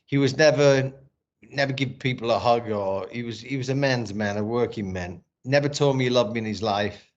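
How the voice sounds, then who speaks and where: A man's voice: medium pitch, moderate pace. A middle-aged man telling a personal story in a casual interview, candid and emotional, swearing often. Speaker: podcast guest, former boxer and actor. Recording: dull lo-fi sound.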